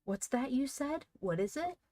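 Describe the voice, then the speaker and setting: A woman's voice: high-pitched, animated, moderate pace, dark tone, no room sound, pitched above the performer's own voice. A blunt, plain-spoken little boy speaks up in a raised, childlike voice, as a woman reading a storybook puts him on. The sound is dry and close to the mic. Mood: curious. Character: cool then fearful little boy.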